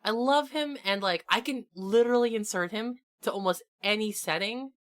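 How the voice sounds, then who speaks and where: A woman's voice: mid-range voice, normal speed. A woman co-hosting a gaming podcast, chatting casually and enthusiastically, full of "like" fillers. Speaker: podcast co-host and game master. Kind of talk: casual chat.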